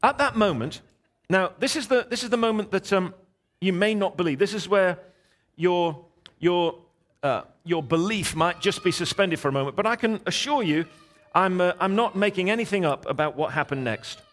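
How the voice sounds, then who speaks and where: Animated man telling a sermon story. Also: sits high, moderate pace. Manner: animated storyteller, voices the people in his story. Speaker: guest preacher.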